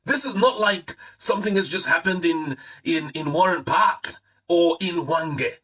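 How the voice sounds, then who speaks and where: Impassioned husky Zimbabwean man. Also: fairly high pitch, measured pace, bright, forceful tone, low-quality recording. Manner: heated, repetitive, mixing in Shona phrases. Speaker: online political commentator. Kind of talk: impassioned live-stream commentary.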